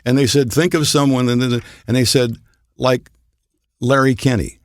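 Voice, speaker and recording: A man's voice: mid-range voice, fairly even intonation, moderate pace, no echo, clean studio sound. An older man, a voice actor guest, telling rambling anecdotes with chuckles in a casual podcast chat.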